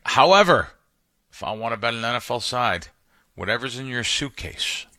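A man with a bright, forceful voice talks through betting like a seasoned pro on a podcast. He stumbles and restarts mid-sentence, then drives his points home with emphatic stories. The recording is dry and close, with no room sound. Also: mid-range voice, sing-song, normal speed, no echo. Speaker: professional sports bettor, guest. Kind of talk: casual podcast conversation.

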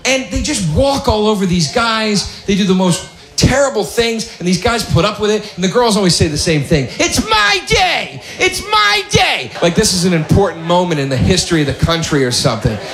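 A man's voice: sits high, a little fast, reverberant. A male stand-up comedian ranting incredulously, slipping into mocking voices.

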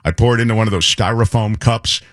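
A middle-aged man co-hosting a radio show, telling a story in a lively way and acting out the voices of the people in it. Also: lowish voice, fast, no room sound, studio quality. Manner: animated storyteller, acts out voices. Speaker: radio co-host. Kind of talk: casual chat, anecdote telling.

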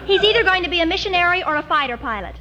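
A woman's voice: very high-pitched, lively intonation, very fast. A woman playing a breezy teenage girl in a 1940s radio comedy, on a noisy old recording.

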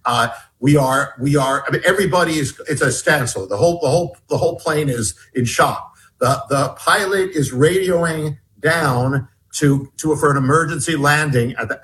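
A man, an author and guest on an interview show, telling a personal story emphatically and shifting between raised and hushed tones. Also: a little high, a little hiss or hum.

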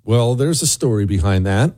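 A man's voice: fairly low pitch, animated, moderate pace, darkish tone, no room sound, clean studio sound. A man hosting a talk radio show, delivering an emphatic, combative monologue and reading his own sponsor ads. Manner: emphatic, combative, repeats words when worked up.

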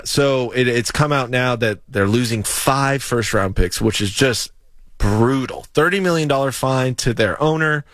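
Man, casual sports chat, halting restarts, dry close sound. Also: mid-range voice, fairly bright tone, no room sound. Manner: halting, restarts often, teasing. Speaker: podcast co-host.

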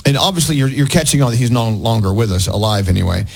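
A man's voice: medium pitch, lively intonation, fast talker, vocal fry, over a noisy crowd, low-quality recording. A middle-aged man co-hosting a radio morning show, chatting with a caller and telling stories with frequent restarts. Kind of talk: casual on-air banter with a caller.

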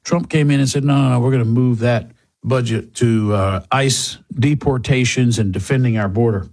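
A man's voice: medium pitch, normal speed, darkish tone. A man hosting talk radio, sardonic and emphatic. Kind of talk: talk radio monologue and ad read.

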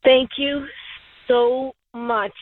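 A woman's voice: high voice, steady tone. Tearful woman caller over a tinny phone line. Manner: halting, emotional. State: choked up, tearful. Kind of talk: call-in radio caller. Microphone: telephone.

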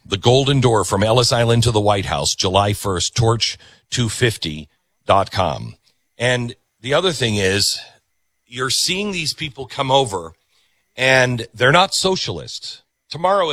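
A man hosts a talk show, his pitch swinging widely as he riffs through a monologue and slips into quick quoted voices. The sound is dry and close, with no room around it. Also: no echo. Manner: animated, conversational, acts out quoted voices. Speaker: radio and TV show host.

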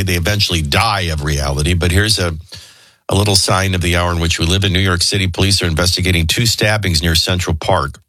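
A man's voice: sits low, bright, forceful tone, no room sound. A middle-aged man hosting a radio show, chatting casually and jokingly, moving from news into personal anecdotes. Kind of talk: casual talk radio banter.

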